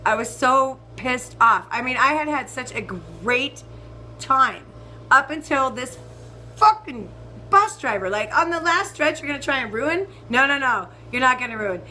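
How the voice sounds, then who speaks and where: A young woman telling a ranting storytime vlog, swearing freely and swinging between loud outbursts and muttered asides. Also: high-pitched, lively intonation, unhurried, slight background noise, poor audio. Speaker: vlogger.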